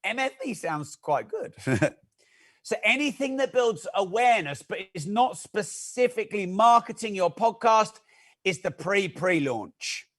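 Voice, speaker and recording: Man, high voice for a man, masterclass host, energetic, chatty, jokey asides. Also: unhurried. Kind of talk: live-streamed teaching talk.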